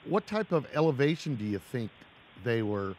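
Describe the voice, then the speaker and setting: A man's voice: medium pitch, big pitch swings, normal speed, darkish tone, slight background noise. A man hosting a radio interview, asking short follow-up questions. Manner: brief prompts and follow-up questions. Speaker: radio show host.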